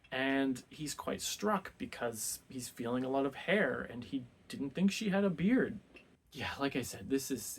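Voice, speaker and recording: A young man casually retelling an old story for a book club, chatty and jumping into quick character voices. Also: mid-range voice, gravelly, breathy edge.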